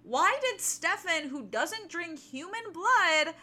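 A woman's voice: very high voice, animated, slow pace, pushed and bright. A woman co-hosting a casual book-recap podcast, exasperated and ranting, swearing freely. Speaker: podcast co-host.

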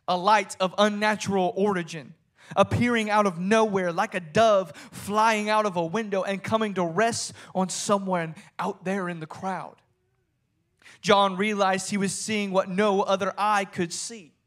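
A man with a notably high voice delivers a dramatic sermon. He reads scripture in old-fashioned wording and retells the scene with rising intensity, dropping low and then shouting at the peaks. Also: steady tone, a little slow. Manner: dramatic, swings between soft storytelling and shouted climaxes; reads scripture aloud in King James wording. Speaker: preacher.

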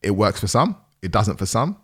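Deep, lively male podcast host. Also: normal speed, slightly rough. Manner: animated, acts out quotes with big jumps in pitch. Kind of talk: conversational interview.

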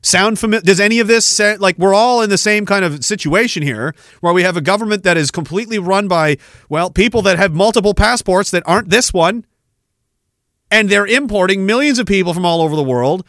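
Sarcastic, profane high-voiced man. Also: a little fast, fairly bright tone, dry recording, clean studio sound. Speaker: podcast host. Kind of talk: ranting podcast commentary.

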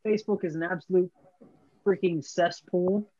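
Man with a high voice rambling. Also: fairly even intonation, normal speed, mellow, no echo, highs cut off. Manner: rambling with many restarts. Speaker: guest bait maker. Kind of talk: casual podcast chat.

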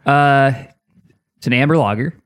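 A man's voice: mid-range voice, a little slow, clear, resonant tone. Dry wry podcast co-host man. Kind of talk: casual chat.

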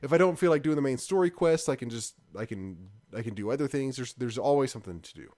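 A man's voice: medium pitch, lively intonation, fast, darkish tone. A man co-hosting a casual podcast, talking in an easygoing, rambling way. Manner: rambling, easygoing, self-correcting. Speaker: podcast co-host. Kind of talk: casual podcast chat about games.

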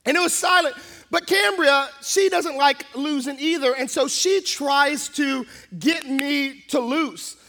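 A man preaching a sermon as a pastor, telling the story with lively, acted-out storytelling. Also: very high voice, unhurried. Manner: animated storytelling, acting out the scenes.

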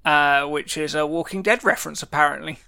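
A man co-hosting a podcast, chatting about a TV episode with wry, deadpan quips. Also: on the high side, a little fast, vocal fry. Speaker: podcast co-host. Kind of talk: casual chat about a TV episode.

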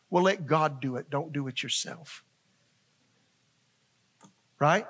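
An older male pastor delivers a sermon in a church, speaking in a folksy, earnest way and often asking his listeners whether they follow him. His voice sits a little high for a man. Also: slow pace, pauses often, a bit bright, slightly rough. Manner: folksy, earnest preaching with repetitions and asides to the congregation. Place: church sanctuary.

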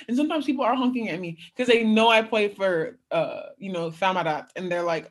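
A young woman from California, a guest in a casual interview, telling animated stories and acting out quotes with laughter. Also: on the high side, a little fast. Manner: animated storyteller, acts out quotes, laughs often. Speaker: guest, athlete.

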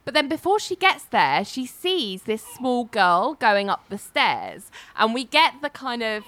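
A woman's voice: on the high side, very animated, a little slow, fairly bright tone. A woman, casually retelling a TV episode as a podcast host, acting out the characters' lines with laughs. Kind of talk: casual chat.

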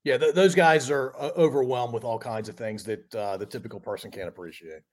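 A man's voice: medium pitch, brisk. A man hosting a casual interview, responding with encouraging, affirming remarks.

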